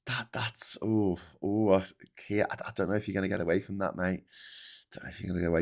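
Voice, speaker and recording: Reading super chats on his news livestream, this middle-aged Scouse streamer speaks a little fast in a low, darkish voice. The brief clip is full of rambling, sarcasm, swearing and false starts.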